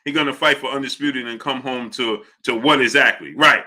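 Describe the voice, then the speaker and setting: A man hosting a casual livestream, reading viewer chats aloud and ranting heatedly, dropping to low mutters and then rising to loud outbursts. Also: fairly quick. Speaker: livestream host.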